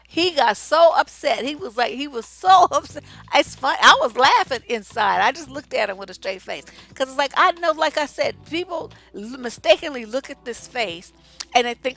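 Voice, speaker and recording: A woman's voice: sits high, moderate pace, soft background music. A woman relationship coach, giving blunt, profane, sassy advice while answering viewer questions on a live stream. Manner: profane, sassy, animated storytelling.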